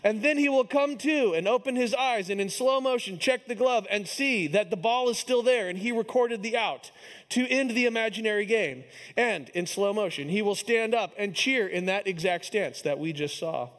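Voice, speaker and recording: High-voiced man preaching in a hall. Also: moderate pace, a bit bright. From Kansas City area, US. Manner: storytelling, self-deprecating humor. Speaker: pastor. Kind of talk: sermon.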